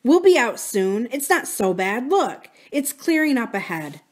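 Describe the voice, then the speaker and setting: A brave young girl, put on by a woman reading aloud, who speaks firmly and calms the others down. The voice is lifted a little above the reader's own, steady and sure. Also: a little high, unhurried, pitched above the performer's own voice. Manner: firm and reassuring.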